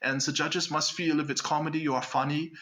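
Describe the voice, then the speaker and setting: A stiff, officious German competition organizer with a thick mock German accent, as a man puts him on. The voice sits noticeably higher than a plain speaking voice. He talks in halting, overly formal phrases. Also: steady tone, sharp tone.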